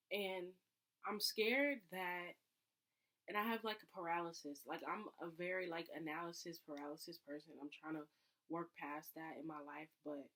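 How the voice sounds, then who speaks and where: A woman talking casually to her viewers in a confessional vlog, reflective and chatty, full of "like" and "um", breaking into louder, higher bursts when she vents. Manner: chatty, reflective, filler-heavy with frequent "like" and "um"; jumps into higher, louder acted outbursts when venting. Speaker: vlogger.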